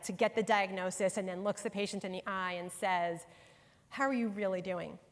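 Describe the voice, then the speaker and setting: A middle-aged woman from New York gives a conversational, emphatic workshop talk to professionals in a conference room. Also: medium pitch. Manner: conversational and emphatic, speaking directly to the audience. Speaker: workshop presenter and author. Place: conference room before a live audience. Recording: long hall reverb in a large room.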